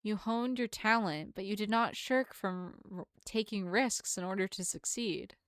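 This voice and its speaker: A woman's voice: mid-range voice, a little slow, a bit bright, no room sound, lightly acted. A woman voicing an earnest, polite young woman who talks in formal, apologetic phrases, reading a visual novel aloud with a dry sound.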